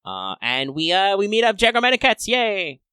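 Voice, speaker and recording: Male podcast co-host, bright tone, dry close sound, chatty and playful. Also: high voice, moderate pace, clean tone, no room sound. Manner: chatty, playful and upbeat, with excited asides. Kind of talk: casual fan discussion podcast.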